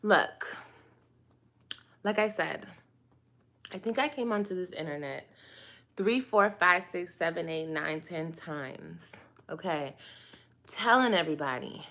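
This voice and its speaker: Slow, dramatic woman with a bright voice. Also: fairly low pitch, expressive. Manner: dramatic, drawn-out, talks straight to the viewers. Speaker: online video host. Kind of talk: casual monologue to camera.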